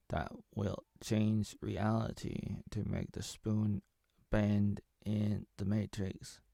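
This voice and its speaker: A man in his thirties talks to his camera in a slow, meandering comic monologue full of absurd tangents. His voice has a gravelly rasp. The sound is dry and close. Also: fairly low pitch, warm tone, no room sound. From Oregon, USA. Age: 30s. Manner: playful, absurd, drifts into whispers and silly voices. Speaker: video creator.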